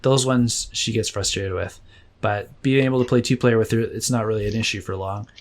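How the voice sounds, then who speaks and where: A man in his thirties co-hosting a podcast, telling relaxed stories in casual chat with plenty of fillers. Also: lowish voice, fairly quick. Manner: relaxed storytelling with many fillers. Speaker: podcast co-host.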